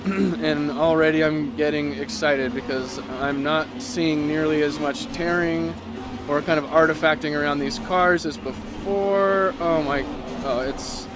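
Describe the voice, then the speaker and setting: A middle-aged man with a slightly high voice gives loose, running commentary over a headset mic while racing in a simulator. He talks in quick bursts, full of fillers and restarts. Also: steady tone. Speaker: sim racing YouTuber. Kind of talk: casual commentary while driving.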